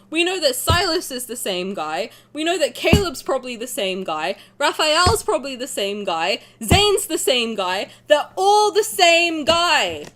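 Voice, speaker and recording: A woman streaming a game, chatting in an excitable, laughing way that bursts into yells. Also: high voice. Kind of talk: excited casual reaction stream chat.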